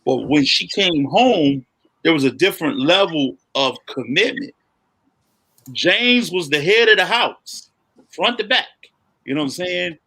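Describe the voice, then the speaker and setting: A man's voice: a little high, animated, unhurried, bright, forceful tone, husky. A man co-hosting a podcast, telling stories in a casual chat with lots of animation and "you know what I'm saying". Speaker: podcast co-host.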